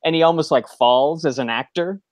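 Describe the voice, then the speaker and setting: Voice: mid-range voice, a little fast, a little mellow, no echo, clean studio sound. A podcast co-host chattily retelling an episode in casual chat, rambling with filler words.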